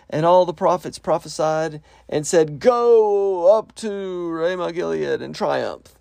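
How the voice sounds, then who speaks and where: A man reading Bible verses aloud and explaining them in a relaxed, conversational way, with frequent fillers. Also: fairly high pitch, takes it slowly, creaky, no room sound. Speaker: Bible teacher. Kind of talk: reading scripture with commentary.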